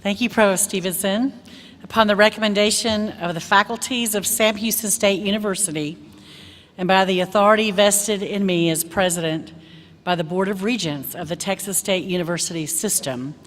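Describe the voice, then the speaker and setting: Woman, university president, formal conferral of degrees, ordinary pitch, long hall reverb. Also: moderate pace. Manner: formal, official.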